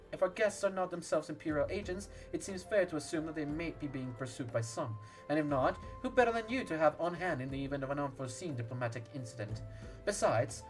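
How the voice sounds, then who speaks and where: A man's voice: on the high side, natural voice. Alphinaud, a man reading as a smug young scholar. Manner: formal, clipped and self-assured. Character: haughty young male scholar, sure of himself. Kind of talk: reading game dialogue aloud.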